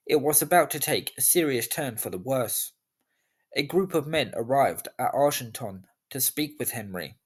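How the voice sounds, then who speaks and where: A man giving scripted history narration in a measured, even storytelling delivery. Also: mid-range voice, breathy edge.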